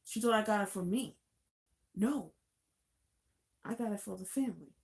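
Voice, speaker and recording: A woman's voice: medium pitch, normal speed, gravelly. A woman live-stream host casually telling a long anecdote, chatty and laughing easily. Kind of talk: casual storytelling.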